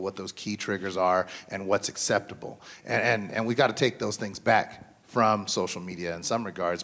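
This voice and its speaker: A man's voice: deep voice, fairly bright tone. A man in his thirties or forties speaking at a school mental health symposium, earnest and conversational with many fillers and restarts. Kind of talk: symposium panel talk. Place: school event.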